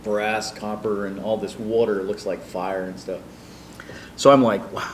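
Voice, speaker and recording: A middle-aged man telling a personal story in a rambling, animated way, with many fillers and restarts. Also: fairly low pitch, a little slow, slight background noise. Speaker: storyteller guest.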